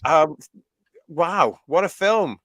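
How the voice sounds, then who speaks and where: A man's voice: fairly high pitch, expressive, slow, a bit bright, no echo. A man from the UK hosting a fan review live stream, reading out viewer comments in a chatty, enthusiastic way and laughing often. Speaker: host of a fan review livestream.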